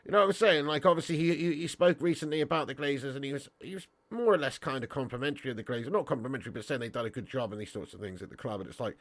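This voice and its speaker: A man's voice: mid-range voice, lively intonation, fast, a bit bright, no echo. A man hosting a football fan stream, chatting bluntly with viewers and swearing freely, with a stuffy nose. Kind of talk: casual live-stream chat reading viewer comments.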